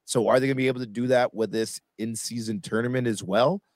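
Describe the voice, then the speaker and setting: A man with a Canadian accent co-hosting a podcast, talking sports through in a measured, thoughtful way. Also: medium pitch, fairly even intonation, a little mellow, dry recording, clean studio sound. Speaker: podcast co-host. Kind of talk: casual sports chat.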